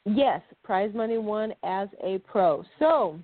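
A woman's voice: medium pitch, expressive, slow. Chatty woman podcast host on a tinny line. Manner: chatty and rambling, laughs often. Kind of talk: casual chat. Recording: dry, phone-like sound.

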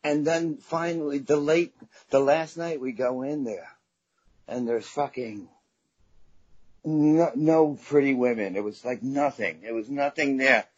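A middle-aged man with a husky, slightly rough voice tells rambling stories full of swearing, like a guest comedian chatting freely on a podcast. The recording sounds dull and a little lo-fi. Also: mid-range voice, a little slow, dry recording. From Staten Island, New York. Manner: profane, rambling anecdotes. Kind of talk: casual podcast storytelling.

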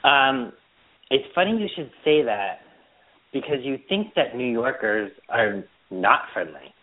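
Animated man on a phone-like line. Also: mid-range voice, unhurried. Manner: animated storyteller, laughs often. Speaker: podcast host. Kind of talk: casual chat. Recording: phone-like narrow band.

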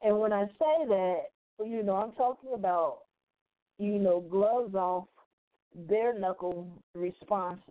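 A woman's voice: mid-range voice, slow pace. Blunt, profane woman from Chicago on a tinny line. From South Side of Chicago. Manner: blunt, profane, animated retelling. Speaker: podcast host. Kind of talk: casual storytelling commentary. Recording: tinny phone-like audio.

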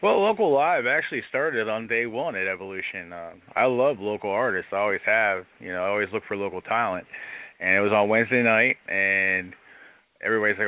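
A man's voice: fairly low pitch, fairly quick, no echo. A man who owns a bar, telling stories in a casual interview, blunt and profane, often quoting others as he goes. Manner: blunt, profane, animated storytelling with acted quotes. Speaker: bar owner interviewed on a live show. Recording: dry, phone-like band-limited sound.

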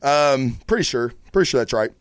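A man hosting a comic book review show, talking in a casual, rambling, excitable way and swearing freely. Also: medium pitch, brisk, clean tone, no room sound, studio quality. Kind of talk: casual solo review talk.

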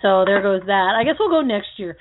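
A woman's voice: mid-range voice, animated, fairly quick, slight background noise. Woman co-host, casual radio banter, rambling and laughing, tinny phone-quality sound. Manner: rambling, laughs often, swears.

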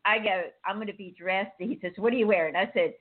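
A woman hosting a casual chat, telling lively stories and acting out dialogue with laughter. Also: medium pitch, fast talker. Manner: animated storyteller, acts out dialogue with laughter. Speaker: host. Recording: tinny phone line.

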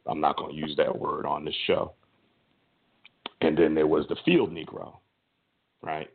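A man co-hosting a sports podcast, delivering a heated, emphatic opinion rant with a husky voice and stammering restarts. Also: rumbling low, flat delivery, measured pace. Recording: tinny phone-like audio.

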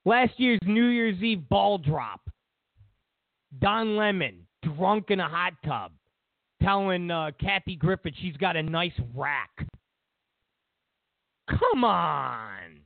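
A man's voice: high voice, expressive, slow pace, no echo, phone-quality sound. A man hosting a political commentary show, ranting sarcastically and exasperatedly, repeating himself as he mocks the news.

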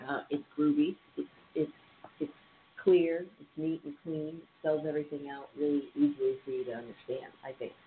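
A chatty radio host rambles through the show's news in a relaxed, informal way. The voice sits at a middle pitch and comes through thin and phone-like, with a faint hiss behind it. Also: moderate pace. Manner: chatty, rambling, laughs easily. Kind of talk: casual radio chat.

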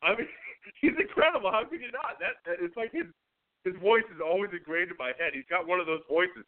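A man's voice: sits high, lively intonation, brisk. A man co-hosting a comedy podcast, chatting enthusiastically and playfully. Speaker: podcast co-host. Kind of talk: comedic casual chat. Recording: tinny phone-like sound.

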